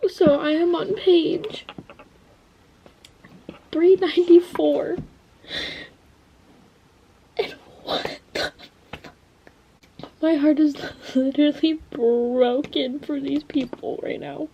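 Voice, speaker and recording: A woman's voice: high-pitched, fairly even intonation, slow, mellow, a little hiss or hum, poor audio. A young woman vlogging from her bedroom, tearful and emotional, gushing about a book and swearing casually. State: tearful, has been crying. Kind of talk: casual vlog chat. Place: at home, bedroom.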